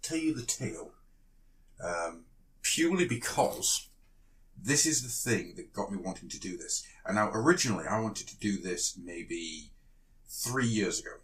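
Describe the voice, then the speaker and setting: A man from South Africa talking on a podcast in a lowish voice that swings up and down a lot. He rambles and hesitates, piling up fillers as he goes. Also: expressive, moderate pace, a bit bright. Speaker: podcast co-host, storyteller. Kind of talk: casual chat.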